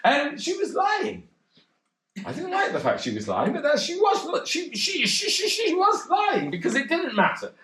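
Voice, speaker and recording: A man's voice: very high voice, huge pitch swings, moderate pace, fairly bright tone, full character voice. An actor playing a bashful, rambling cocktail pianist in a one-man stage monologue, hesitant and self-deprecating. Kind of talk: theatrical monologue. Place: theatre stage. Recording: roomy theatre.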